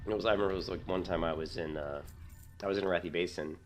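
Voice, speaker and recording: A man chatting casually while gaming, telling animated stories and jumping up high when he quotes himself. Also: racing, soft background music. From United States. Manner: storytelling, jumps high when quoting himself. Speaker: gaming streamer.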